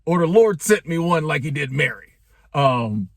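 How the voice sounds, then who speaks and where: Very animated, with vocal fry and a voice on the high side, this man in his forties talks at a normal speed. He's a vlogger doing a jokey, casual talking-head monologue, peppered with slang and asides aimed at viewers. The sound is studio quality, without echo.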